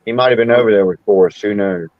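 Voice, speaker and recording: A man's voice: lowish voice, quick pace, no echo, dull audio. A man in his sixties, hosting a casual chat and telling rambling stories with frequent laughs. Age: 60s. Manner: rambling storyteller, laughs often. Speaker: podcast host.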